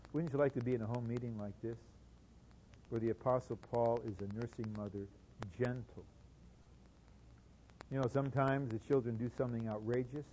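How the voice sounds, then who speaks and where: A man preaching a sermon, swinging between soft asides and loud, emphatic bursts. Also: medium pitch, slight background noise, low-quality recording.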